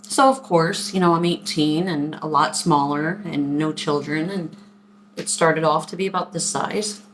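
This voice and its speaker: A woman in her forties telling stories in a casual vlog, chatty and animated as she acts out what people said. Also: low-pitched, a little slow, slight background noise. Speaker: vlogger. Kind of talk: casual storytelling to camera.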